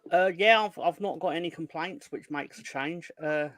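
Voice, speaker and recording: A man's voice: fairly high pitch, moderate pace, a bit bright, no room sound. A man co-hosting a casual fan podcast, jokey, greeting viewers one by one. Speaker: co-host.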